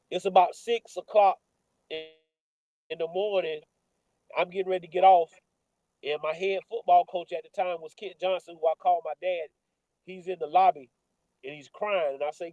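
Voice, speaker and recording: High-voiced man in his forties, mellow. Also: fairly even intonation, normal speed, pauses often, no room sound, low-quality recording. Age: 40s. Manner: conversational, many filler "uh"s and restarts. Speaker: football coach. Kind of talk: personal storytelling in a sports talk show.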